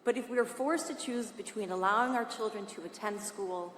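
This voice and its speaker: A woman reads a solemn, pleading statement to lawmakers. Her voice is of middle pitch. The sound echoes around a large hall with faint background hiss. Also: a little fast, fairly bright tone. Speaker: parent testifying at a public hearing. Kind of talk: reading prepared testimony. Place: large state legislative hearing room.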